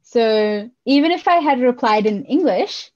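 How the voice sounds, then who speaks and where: A woman from Australia, a guest talking casually on a podcast in an animated, giggly way that is full of "like". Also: a little high, measured pace. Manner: animated and giggly, heavy use of "like". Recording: dull lo-fi recording.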